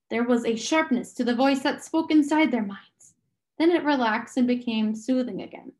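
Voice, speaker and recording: A woman reading a novel aloud slowly and carefully. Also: on the high side, expressive, darkish tone. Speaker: audiobook reader.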